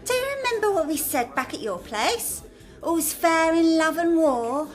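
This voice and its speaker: A woman playing a high, lively young friend. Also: measured pace, faint music behind, full character voice. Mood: pleading.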